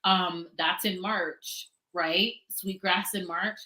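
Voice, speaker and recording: A woman chatting casually on a livestream, animated and quick to laugh, often trailing off and restarting. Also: fairly low pitch, slight background noise, low-quality recording. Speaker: book blogger and guest co-host.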